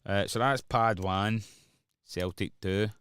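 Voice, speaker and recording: A man's voice: fairly low pitch, slow, fairly bright tone, clean tone, dry recording. A Scottish man, a DJ and music producer, chatting casually on a livestream while making music. He rambles, swears freely and laughs often. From Scotland.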